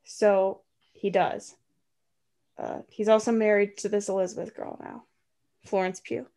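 A woman casually retelling a film plot, tossing in quick offhand voices for the characters. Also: medium pitch, fairly even intonation, gravelly, mellow. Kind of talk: casual chat.

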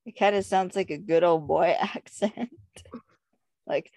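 A young woman with a low, gravelly voice talks casually on a podcast. She rambles along with plenty of fillers. The recording is close and dry. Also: a little slow, long pauses, a little mellow, no echo. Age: young adult. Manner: chatty, rambling, frequent "like" fillers. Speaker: podcast co-host. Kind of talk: casual chat.

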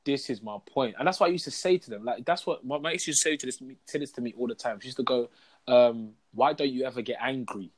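A man's voice: medium pitch, fast. A young man, chatting casually and acting out both sides of arguments as he tells stories. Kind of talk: casual chat.

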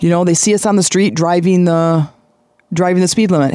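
A host giving a casual motivational monologue, talking in a conversational way with rambling asides and sudden jumps in pitch for emphasis. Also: fairly even intonation, a little fast, mellow, no echo, studio quality. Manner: rambling asides and self-corrections.

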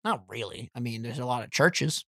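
A young man co-hosting a podcast, casual and profane, quick with jokes and bits. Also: mid-range voice, expressive, vocal fry, bright, forceful tone, breathy edge, dry recording, studio quality. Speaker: podcast co-host.

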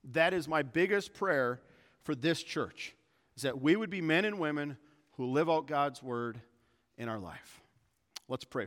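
A man's voice: on the high side, a little slow, a bit bright, soft background music. A man preaching a sermon as pastor, earnest and conversational, addressing his church family with frequent restarts. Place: church sanctuary. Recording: long hall reverb.

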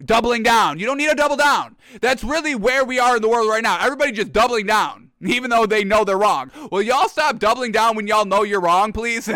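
Brash high-voiced man ranting about football. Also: a little fast, bright, forceful tone, no room sound. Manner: brash, mocking, addresses viewers as folks. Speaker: sports show host. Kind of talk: animated sports opinion rant.

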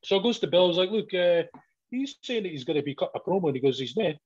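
A man, a professional wrestler, telling sweary, animated stories in casual chat and acting out both sides of each exchange. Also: high voice, very fast, breathy edge. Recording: dull lo-fi audio.

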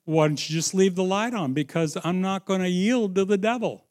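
A man preaching a sermon, slow and emphatic, dropping into hushed storytelling and rising again for emphasis. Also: high-pitched. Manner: slow, emphatic, swings into sung and shouted phrases.

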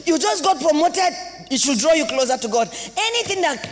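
High-voiced Nigerian woman preaching in a reverberant hall. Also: animated, brisk. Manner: impassioned preaching with sing-song rises and shouted exclamations. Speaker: pastor. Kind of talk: sermon. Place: church hall. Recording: long reverb of a large hall.

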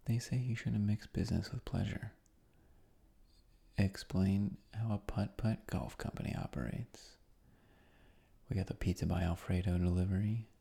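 A man hosting a sleep podcast, recapping in a relaxed, rambling way that often drops into a whisper. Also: sits low, moderate pace, vocal fry, pauses often, breathy edge. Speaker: podcast host.

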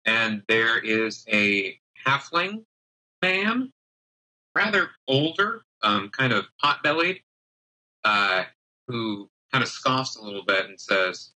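A man narrating a tabletop game as game master, with halting, filler-heavy delivery. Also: mid-range voice, sing-song, pushed and bright, low-quality recording.

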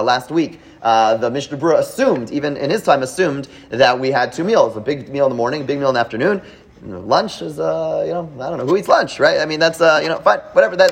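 A man's voice: fairly high pitch, slightly rough. A man teaching a live class, explaining at length with many fillers, restarts and rhetorical checks to his students. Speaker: teacher leading a Talmud class.

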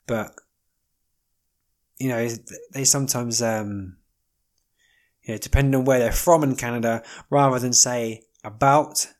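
Male solo podcast host, mid-pitched voice, rambling and wry, lots of fillers. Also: steady tone, measured pace, long pauses. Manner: rambling, wry, jokey asides with many fillers. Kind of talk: casual solo monologue.

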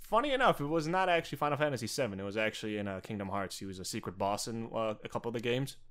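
A man with a New Jersey accent co-hosting a casual podcast chat, animated and joking, laughing often and swearing casually. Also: mid-range voice, racing. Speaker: podcast co-host.

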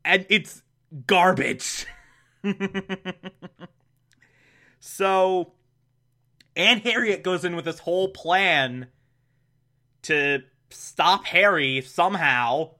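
Brief: man, high bright voice, slow and animated, exasperated recapper. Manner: animated, exasperated, laughing asides. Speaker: show recapper. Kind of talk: casual episode recap.

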